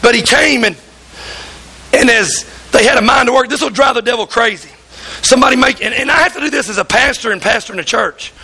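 A man's voice: very high voice, a little fast, bright, forceful tone, husky, rough recording. A pastor preaching a fervent sermon in church, acting out voices in the stories he tells.

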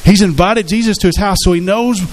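Earnest preacher, slightly high voice. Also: male voice, a little fast, low-quality recording. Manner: earnest, conversational preaching with acted-out quotes. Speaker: pastor. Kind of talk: sermon.

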